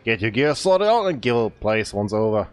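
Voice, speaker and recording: A man voicing a boisterous male blacksmith from a video game in a put-on fake Scottish accent, loud and bantering. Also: lowish voice, big pitch swings, a little fast. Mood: boastful.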